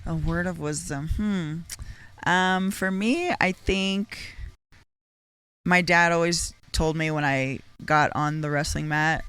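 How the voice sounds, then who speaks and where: A woman in her thirties, a fighter guest, chatting casually and warmly with lots of "like" fillers. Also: deep voice, fairly even intonation, takes it slowly, smooth, no room sound. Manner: friendly, upbeat, says "like" a lot. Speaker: guest, wrestler and MMA fighter. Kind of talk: casual interview chat.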